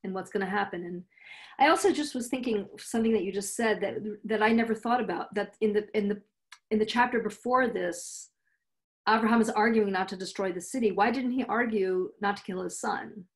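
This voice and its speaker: A woman's voice: medium pitch, brisk. A woman interviewer who mostly gives brief affirmations, then muses aloud and asks questions. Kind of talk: conversational interview.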